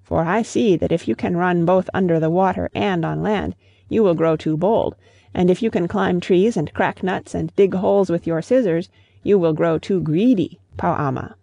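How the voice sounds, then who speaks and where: A storyteller voicing a stern, lordly old male magician who speaks in commanding, solemn tones, with a gravelly voice. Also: medium pitch, moderate pace, mellow, no room sound.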